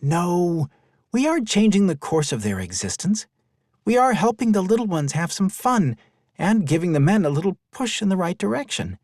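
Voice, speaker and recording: A man's voice: sits high, sing-song, normal speed, darkish tone, dry recording, studio quality, pitched above the performer's own voice, exaggerated voice. A man voicing a playful woman who coaxes and delights in mischief. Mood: coaxing. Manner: coaxing and delighted.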